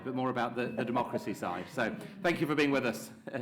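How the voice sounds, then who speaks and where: A man's voice: medium pitch, animated, fast, soft background music. A man chairing a panel discussion, wry and lightly joking as he introduces a guest.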